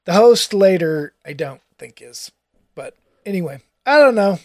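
A man's voice: sits high, very animated, a little slow, darkish tone, dry recording. Podcast co-host, man, lightly raised voice, rambly, dead dry booth. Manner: rambling, self-interrupting, laughs often. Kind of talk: casual film discussion.

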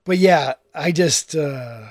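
A man's voice: fairly high pitch, slow pace, no room sound, clean studio sound. A man co-hosting a podcast, chatting casually about a film and rambling a bit as he talks. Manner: rambling, self-interrupting, laughs often. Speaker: podcast co-host.

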